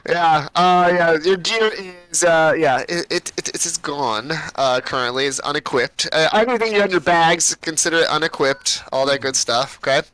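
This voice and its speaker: A man's voice: a little high, normal speed, few pauses, fairly bright tone, smooth, low-quality recording. A man narrating as game master in a casual, rambling way, full of fillers.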